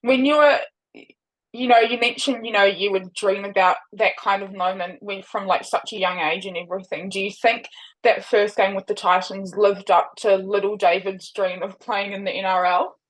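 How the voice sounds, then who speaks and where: A woman's voice: medium pitch, fairly even intonation, normal speed, rough recording. A young woman hosting a podcast who asks long, chatty questions full of fillers and laughs often. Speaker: podcast host. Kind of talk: casual interview chat.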